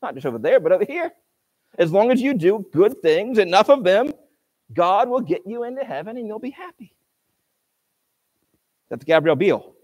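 A man preaching a conversational sermon, full of rhetorical questions and offhand asides. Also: a little high. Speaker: pastor.

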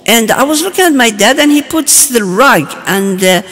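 A man with a high, very lively voice tells a personal testimony, swooping up and down as he goes and often breaking off to restart. He chuckles through the memories, and the recording rings with a long reverb. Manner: animated, chuckling, halting restarts. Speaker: storyteller.

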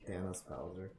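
A man streaming a fighting game with a friend, bantering and joking sarcastically. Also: sits low. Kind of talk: casual gaming chat. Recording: echoey room, faint background noise.

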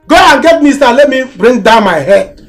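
An actor with a Nigerian accent playing a stingy, boastful older brother who mocks and orders people about. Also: male voice, extremely high pitch, lively intonation, moderate pace, faint music behind. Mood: mocking. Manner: mocking, boastful, mixes Igbo and Yoruba phrases. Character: boastful, stingy male moneyed big brother. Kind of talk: Nollywood film acting.

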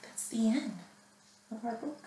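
A librarian reading a picture book aloud to young children, stopping to ask them questions. Her voice is fairly high and very lively in pitch, and she takes her time. It sounds roomy and a bit distant from the mic. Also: a little slow, heavy background noise. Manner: animated, asking listeners questions.

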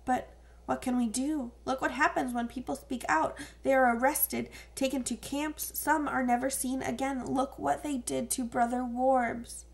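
A woman's voice: high voice, fairly even intonation, a little slow, vocal fry. A woman voicing a nervous, cautious teenage boy. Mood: uneasy. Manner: nervous, uneasy.

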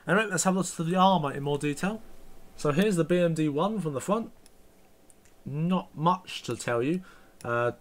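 A man giving rambling, self-correcting commentary while reviewing a video game. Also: a little high. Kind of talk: gameplay commentary.

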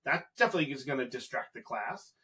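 A man's voice: mid-range voice, expressive, fast, sharp tone. A man co-hosting a casual podcast, chatting agreeably and offering practical examples. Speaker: podcast co-host.

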